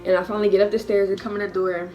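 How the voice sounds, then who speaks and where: A woman's voice: mid-range voice, very fast, faint music behind. A woman in her early twenties telling a personal story in a casual vlog, acting out what others said and laughing often. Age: 20s. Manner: animated, acts out quotes with laughs. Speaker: vlogger.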